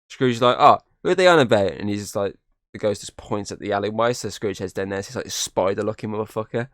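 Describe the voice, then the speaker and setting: A man casually recapping a movie on a podcast, his voice sitting a little low. The sound is close and dry. He rambles through the plot and drops into brief impressions of the characters. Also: no echo. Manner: rambling retelling with quoted character lines. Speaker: podcast host.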